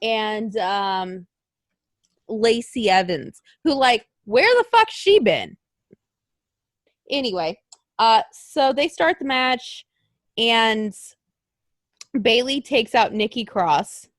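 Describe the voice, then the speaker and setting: A woman co-hosting a casual wrestling podcast, animated and blunt, acting out quotes in higher voices and swearing now and then. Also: slow pace, pauses often, no room sound, clean studio sound. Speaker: podcast co-host.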